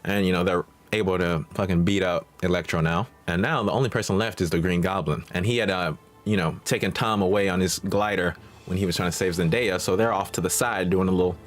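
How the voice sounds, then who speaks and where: A man's voice: deep voice, fairly even intonation, a little fast, soft background music. A man hosting a movie reaction channel, recapping the plot in a casual, slangy, profane way. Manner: slangy, profane, streetwise banter.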